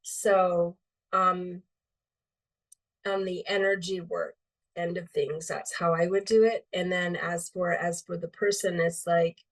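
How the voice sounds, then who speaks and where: A woman speaking as a healing medium guest in a relaxed interview, rambling with many fillers. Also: on the low side, slow, far from the mic. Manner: meandering, filler-heavy, lots of um and like.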